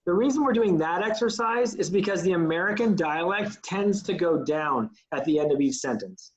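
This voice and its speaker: A man's voice: sits high, lively intonation, normal speed, hardly any pauses, lo-fi sound. A man teaching an acting class, coaching students and demonstrating lines aloud. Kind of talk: online acting class instruction.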